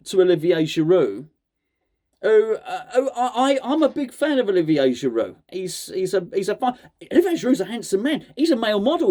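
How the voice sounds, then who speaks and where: A man's voice: high voice, a little mellow. A man hosting a casual chat, mock-serious and joking, often stumbling and repeating words. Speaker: host.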